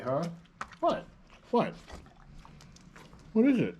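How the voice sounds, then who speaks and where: Man vlogger, unhurried and relaxed, voice swings a lot, goes high and sing-song with his dog. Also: a little hiss or hum. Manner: relaxed, easygoing narration. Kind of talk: casual vlog chat. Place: at home with a dog.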